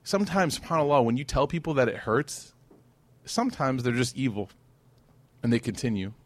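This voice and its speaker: A man teaching a casual, storytelling religious lesson, animated and joking with his audience, with short stretches of Arabic recitation. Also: mid-range voice, brisk. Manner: animated, conversational, jokes with the audience. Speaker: Islamic teacher.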